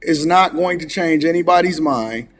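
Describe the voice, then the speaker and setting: A man with a somewhat high voice co-hosts a casual reaction podcast. He mocks and teases in loose slang, talking it over with a friend. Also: normal speed, a bit bright. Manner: mocking, slangy, teasing. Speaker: podcast co-host.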